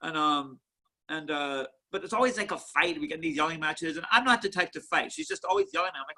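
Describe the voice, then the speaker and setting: A man who founded a museum chats in an interview at home, an animated storyteller who repeats and restarts his words. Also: on the high side, fast. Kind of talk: casual interview chat.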